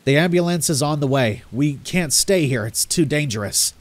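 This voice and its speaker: Man reading a steady young counselor, soothing, brisk. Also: on the high side, lightly acted. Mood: reassuring. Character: calm, reassuring young male camp counselor.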